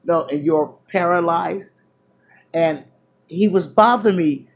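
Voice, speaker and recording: A woman vlogger telling a personal story to her viewers, loud one moment and hushed the next, full of fillers and restarts. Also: on the low side, slow pace, muffled recording. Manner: animated, drifts between loud exclamations and hushed asides; chatty, many fillers and restarts.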